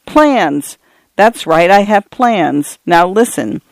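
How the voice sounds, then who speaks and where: A man voicing a divorced father who teases his young daughters gently and playfully. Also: sits high, animated, slow, gravelly, no room sound, exaggerated voice.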